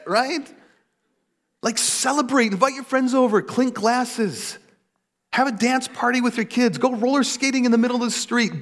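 A man in his thirties preaching a casual, animated sermon, acting out little quotes. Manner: animated, acts out quotes in a high voice. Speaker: pastor.

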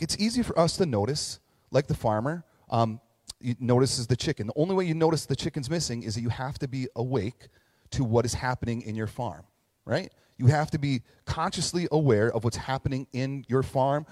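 Man preaching a story-driven sermon in a hall. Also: medium pitch. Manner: animated, acts out voices, talks to kids in the crowd. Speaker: pastor. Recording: long reverb in a large hall.

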